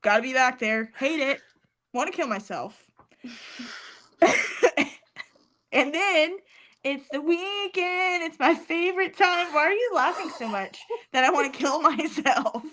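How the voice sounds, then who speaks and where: A woman's voice: high voice, lively intonation, unhurried, pauses often, a bit bright. A woman co-hosting a podcast in casual chat, complaining in a dramatic, self-mocking way with a drawl. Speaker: podcast co-host.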